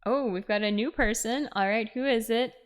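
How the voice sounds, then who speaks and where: A woman's voice: on the high side, normal speed, clean tone. A young woman streamer giving giggly, playful commentary during a live game stream.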